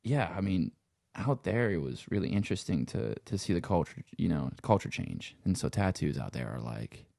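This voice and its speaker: A man's voice: deep voice, sing-song, normal speed, gravelly, darkish tone, no room sound, clean studio sound. A man from Louisiana with a Cajun accent, talking in a laid-back, rambling way and swearing freely in a casual conversation. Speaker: podcast guest.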